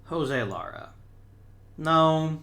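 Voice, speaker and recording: A man's voice: on the high side, lively intonation, very slow, fairly bright tone. A man hosting a gaming channel, thinking aloud in casual let's-play commentary and talking to the players on screen.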